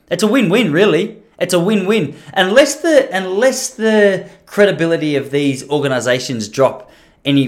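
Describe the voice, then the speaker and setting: A man hosting his own podcast, rambling and self-deprecating in casual chat. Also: fairly high pitch. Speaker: podcast host.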